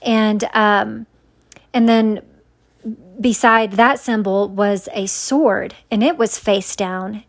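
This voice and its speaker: A woman's voice: medium pitch, steady tone, takes it slowly. A woman telling a personal story in a casual, rambling way, full of fillers and restarts, earnest and searching for words. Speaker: vlogger sharing a dream.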